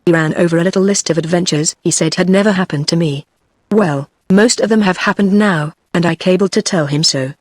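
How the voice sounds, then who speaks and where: A woman's voice: lowish voice, a little fast, dry recording, clean studio sound, close to an everyday voice. An eager young sleuth, read by a synthetic British woman. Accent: British English. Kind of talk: text-to-speech book reading.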